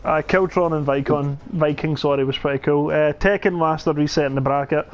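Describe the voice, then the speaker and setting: A young man, telling animated stories and laughing in a casual gaming chat. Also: fairly high pitch, fairly quick. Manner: animated storyteller, laughs mid-sentence, says "aye". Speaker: podcast co-host.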